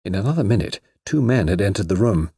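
A man narrates a story in a low, husky voice with lively, expressive intonation. The reading is measured and recorded close and dry, with no room sound. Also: dry recording.

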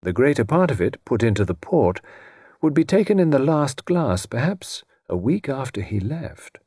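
A man doing a calm, mysterious gentleman. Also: medium pitch, normal speed, breathy edge, dry recording, clean studio sound, pitched above the performer's own voice. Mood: measured.

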